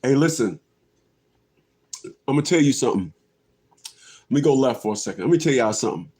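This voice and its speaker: A man's voice: mid-range voice, lively intonation, a little fast, a little mellow. A man in his fifties ranting on a livestream, laughing often, repeating himself and cursing. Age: 50s. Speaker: livestream host. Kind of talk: rambling livestream rant.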